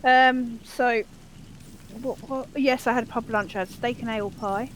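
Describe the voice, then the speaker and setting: A woman's voice: on the high side, steady tone, moderate pace. A woman chatting with friends over voice chat, telling rambling stories about her day. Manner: chatty, rambling storytelling with frequent restarts and laughs. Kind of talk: casual chat.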